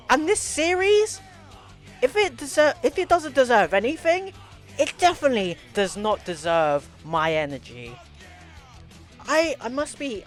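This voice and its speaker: A young man giving casual, rambling, sarcastic opinion commentary, often repeating his words. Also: sits high. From Australia. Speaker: video essayist.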